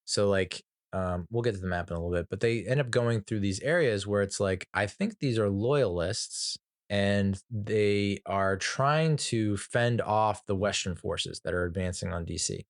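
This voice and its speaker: A man's voice: on the low side, measured pace, no echo, studio quality. Man rambling through a casual movie review. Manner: rambling, profane, lots of fillers and restarts; laughs at his own jokes. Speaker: movie reviewer, podcast host.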